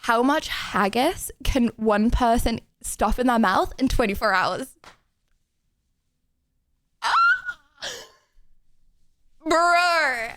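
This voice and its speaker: Young woman livestreamer, high-pitched, giggles and rambles through casual chat. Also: expressive, slow, few pauses, a bit bright, slight background noise. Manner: giggly, rambling with many fillers.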